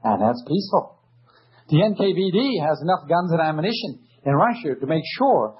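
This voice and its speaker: Husky emphatic man lecturing. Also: fairly high pitch, big pitch swings, moderate pace, highs cut off. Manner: emphatic, sarcastic, rhetorical questions. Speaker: speaker. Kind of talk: political lecture.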